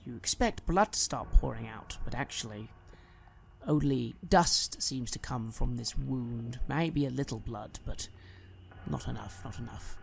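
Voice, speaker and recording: A man's voice: mid-range voice, creaky, a bit bright, husky. A man narrating a tabletop horror game as game master, telling the story dramatically.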